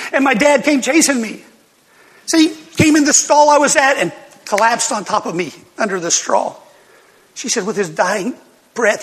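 A folksy older male pastor, storytelling from the pulpit in a high, bright voice with a husky edge. His words ring out through a big hall with long reverb. He flares up into loud bursts when a story heats up. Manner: folksy, animated storytelling with sudden loud outbursts and laughs. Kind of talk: sermon storytelling.

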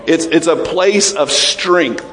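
Emotional preaching man in a reverberant hall. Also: slow. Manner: emotional, animated preaching with laughs and sudden drops to low, quiet tones. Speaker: pastor. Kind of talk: sermon.

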